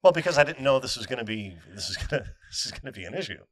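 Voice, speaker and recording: A man co-hosts a comedy podcast and presses his argument like a mock prosecutor. His pitch rises and falls in a lively way, and he stammers on restarts. The sound is dry and close. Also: rapid-fire, dry recording. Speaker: podcast co-host. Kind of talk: casual comedic debate.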